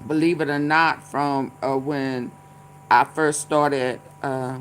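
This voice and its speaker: A woman hosting, talking casually with many fillers and pauses. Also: a bass voice, steady tone, slight background noise. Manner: halting, many fillers, laughs. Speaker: host reacting to a clip. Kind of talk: casual commentary.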